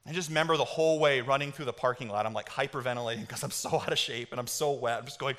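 A man preaching a sermon in a church, telling a personal story in an animated, conversational way and often checking in with the audience. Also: mid-range voice, fast talker, few pauses. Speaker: pastor. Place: church sanctuary. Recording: reverberant hall.

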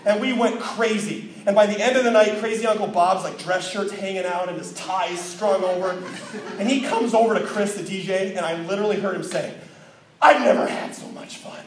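A man preaching a sermon as pastor, telling a lively story and then closing in a quieter, earnest tone. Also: high voice, a little fast. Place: church sanctuary. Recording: roomy distant church recording.

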